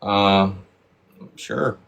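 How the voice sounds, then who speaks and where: A man's voice: on the low side, drawn-out words, vocal fry, a bit bright, clear, resonant tone. A man joining a group livestream, making dry, teasing remarks. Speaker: livestream guest. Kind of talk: casual livestream chat.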